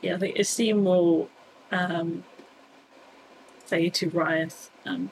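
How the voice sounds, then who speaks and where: Gravelly-voiced woman playing a tabletop game. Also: on the low side, fairly even intonation, slow pace, pauses often, rough recording. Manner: laughing, loose and playful. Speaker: tabletop role-play player. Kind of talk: casual role-play narration. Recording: faint background noise.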